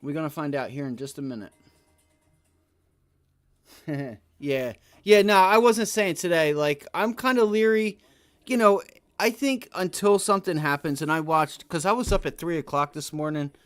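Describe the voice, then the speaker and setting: A man hosting a live day trading stream, giving loose, slangy market commentary that swells into loud rants. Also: on the high side, animated, normal speed, long pauses. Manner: casual slangy talk that rises to loud rants. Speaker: day trading livestream host.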